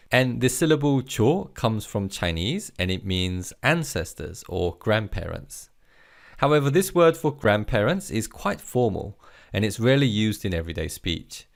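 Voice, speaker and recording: A man teaching a Korean vocabulary lesson, speaking slowly and clearly and leading listen-and-repeat drills in an encouraging way. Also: lowish voice, big pitch swings.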